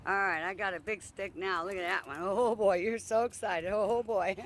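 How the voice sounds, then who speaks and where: A man's voice: sits high, steady tone, normal speed, fairly bright tone. A man walking his dog outdoors by a lake, coaxing and teasing it in playful baby talk as he films on a handheld phone. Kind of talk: casual chat to a dog.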